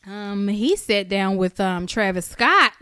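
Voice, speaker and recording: A woman co-hosting a casual podcast chat, animated and swearing freely as she mocks people with impressions. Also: mid-range voice, slow, clear, resonant tone, no room sound, clean studio sound. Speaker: podcast co-host.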